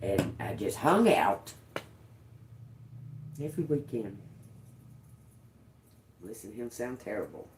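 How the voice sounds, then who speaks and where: A woman's voice: rumbling low, big pitch swings, takes it slowly, long pauses, noisy background. A woman in her fifties hosting a livestream, telling a rambling story with frequent laughter and casual swearing. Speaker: livestream host. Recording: echoey room.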